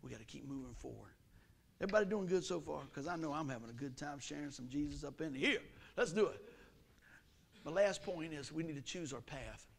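Middle-aged man, sermon, folksy, animated, high gravelly voice. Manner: animated, folksy, preaching with quick jumps in pitch and volume. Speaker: pastor.

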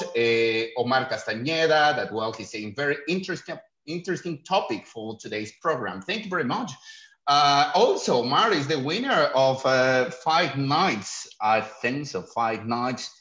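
A man hosts a live online show, reading out names from the chat in loose, halting sentences packed with fillers. His voice comes over a video call, roomy and echoing. The sound is dull and lo-fi. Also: mid-range voice, animated, a bit bright. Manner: loose, halting phrasing with many fillers like well and uh. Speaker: show host.

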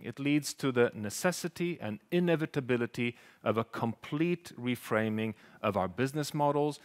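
A man with a Swedish accent speaking at a seminar, earnest and slightly halting, with a joking opening. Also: mid-range voice. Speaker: professor and scientist speaking at a seminar. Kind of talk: public talk.

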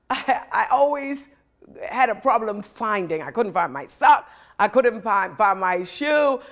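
A middle-aged woman preaching a motivational sermon in an emphatic, rhythmic way with repeated phrases. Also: a little high.

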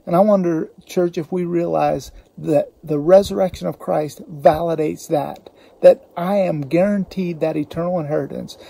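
A male pastor preaching a sermon in a gravelly, mellow voice pitched a little high. He speaks earnestly and slows down to press home the scripture he quotes. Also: steady tone. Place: church.

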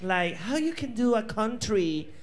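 A man's voice: sits high, sing-song, a little slow. A man with a Puerto Rican accent, a drag performer co-hosting a bar viewing party, bantering with crude, laughing humor. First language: Spanish. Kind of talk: casual panel chat. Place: bar viewing party before a live crowd.

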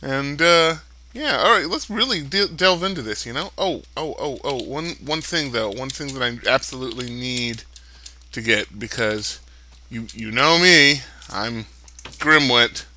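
A man's voice: medium pitch, expressive, measured pace, bright, forceful tone. A man hosting a let's play, chatting casually over his gameplay in a rambling, joking, self-mocking way. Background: background music.

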